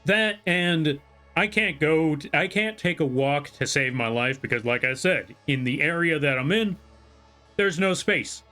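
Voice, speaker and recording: Bright exasperated guy rambling on his stream, keeps correcting himself, soft music underneath. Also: fairly high pitch, animated, unhurried. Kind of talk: casual livestream chat. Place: home room.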